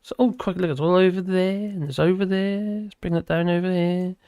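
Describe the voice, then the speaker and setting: A man's voice: sits high, fairly even intonation, brisk, warm tone, clean tone, no echo, clean studio sound. A man hosting a live stream, chatting casually with viewers and rambling between topics while laughing often.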